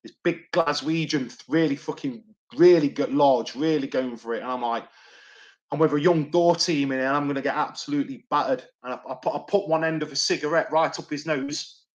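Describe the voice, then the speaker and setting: A man's voice: fairly high pitch, brisk, dull audio. A middle-aged man, a former doorman, telling stories to a podcast host in a rambling, repetitive way and swearing often. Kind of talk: casual storytelling.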